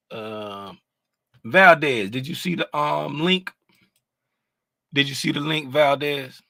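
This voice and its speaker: Speaking slowly with long pauses, this trading mentor has a sharp, mid-range voice, and the recording is dry. On his casual livestream he explains things in a relaxed, meandering way, often saying "you know what I'm saying."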